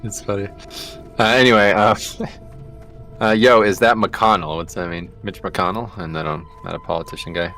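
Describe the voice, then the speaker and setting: A man's voice: lowish voice, steady tone, moderate pace, pushed and bright, faint music behind. A man livestreaming a game, chatting casually and rambling through a story with frequent swearing and fillers. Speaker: livestreaming gamer. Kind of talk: casual storytelling chat while gaming.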